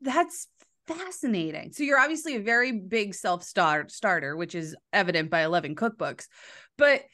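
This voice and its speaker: Effusive woman host gushing in chat. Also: mid-range voice. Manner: effusive, animated, quick to gush. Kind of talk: casual interview chat.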